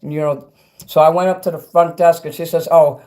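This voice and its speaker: A middle-aged man livestreaming and reading chat, ranting angrily and profanely, swinging between loud outbursts and quiet asides. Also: on the high side, steady tone, fairly quick. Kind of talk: angry livestream rant.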